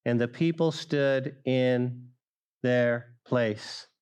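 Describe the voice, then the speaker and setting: A middle-aged male pastor preaching a sermon, speaking straight to the congregation and rising loud for emphasis. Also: mid-range voice, very slow, smooth. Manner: acts out quoted voices of listeners.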